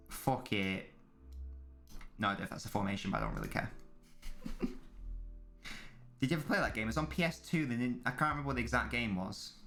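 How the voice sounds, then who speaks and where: A man's voice: on the low side, sharp tone. A man, chatting casually and joking as a live streamer reacting to a football match, rambling and swearing freely.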